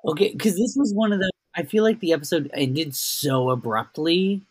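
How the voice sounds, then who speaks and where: A podcast co-host in casual chat, animated and swearing, with big reactions. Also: medium pitch, moderate pace, slightly rough, no echo.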